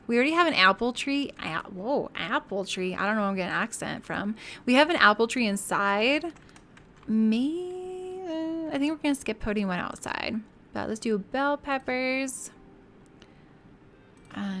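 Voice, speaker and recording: A woman streaming a building game, chatting away with her viewers and giggling often. Her voice sits a bit high, and her talk stays loose and friendly as she thinks aloud. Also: a little hiss or hum. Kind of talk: casual live-stream chat while building in a game.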